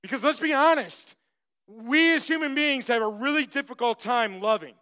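Pastor guy preaching in church, smooth clear high voice, keeps repeating himself for emphasis. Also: normal speed, pushed and bright. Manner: emphatic, repeats phrases, addresses congregation directly. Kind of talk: sermon.

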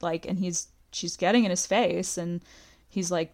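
A woman's voice: lowish voice, slow pace. Chatty woman podcast host. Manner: chatty, recounts scenes with quoted lines, frequent "like". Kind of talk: casual podcast recap.

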